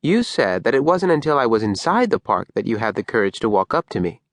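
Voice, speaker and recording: A man's voice: medium pitch, sing-song, a little fast, no echo, lightly acted. A man reading as an insistent wife pressing her husband. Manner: insistent questioning.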